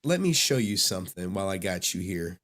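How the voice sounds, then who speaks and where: A man's voice: low voice, big pitch swings, a little fast, a bit bright. A man hosting his stream, reacting in short laid-back remarks before showing something to his viewers. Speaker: streamer host. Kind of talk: casual chat.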